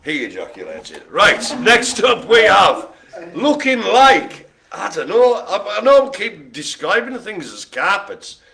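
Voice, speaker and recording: A man's voice: high voice, huge pitch swings, measured pace, vocal fry, hardly any pauses, pushed and bright. A man hosting a live bingo stream, teasing and cracking jokes. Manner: jokey, teasing banter. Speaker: bingo host.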